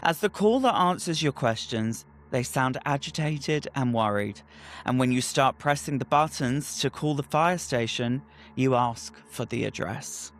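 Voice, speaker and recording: A man's voice: mid-range voice, expressive, unhurried. A man co-hosting a podcast, switching between a scripted dramatic intro and chatty, stumbling banter. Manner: chatty, stumbles over words. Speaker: podcast co-host. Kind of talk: casual chat and scripted narration.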